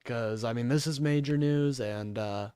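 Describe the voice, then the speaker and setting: A man's voice: medium pitch, a little slow, dark tone, smooth, no echo, clean studio sound. A man live streaming commentary, ranting and swearing in exasperation.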